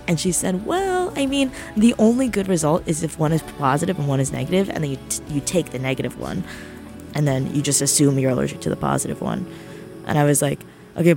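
Over soft, faint background music, a young radio host from New Jersey tells a rambling, self-deprecating story in casual chat. Her voice is deep and creaky.

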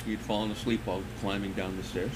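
A man with a fairly low voice hosts a relaxed chat and gives friendly shout-outs. Clear background noise runs through the recording. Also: quick pace. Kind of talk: casual chat. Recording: noisy recording.

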